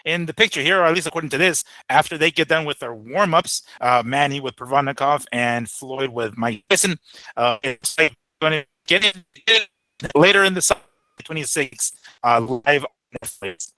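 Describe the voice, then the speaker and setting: A man co-hosting a boxing chat, easygoing and quick to laugh as he reads out breaking news. His voice sits a bit high and sounds bright. It is recorded close and dry. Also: no echo, low-quality recording. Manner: relaxed, reads news aloud, laughs easily. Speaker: boxing show co-host. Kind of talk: casual chat.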